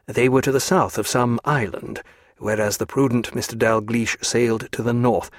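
A man reading a calm, learned gentleman. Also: mid-range voice, dry recording, clean studio sound, natural voice. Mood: reassuring. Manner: measured, gently reassuring.

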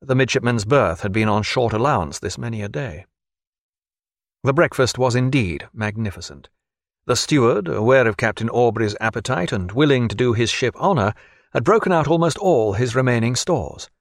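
A man with a medium-pitched voice narrates an audiobook in an expressive, measured storytelling style. The recording is dry, with clean studio sound.

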